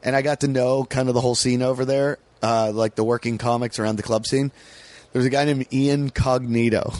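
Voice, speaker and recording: A man's voice: mid-range voice, steady tone, a little fast, darkish tone, no room sound. An American man, a comedian, telling stories in a casual podcast chat and swearing freely.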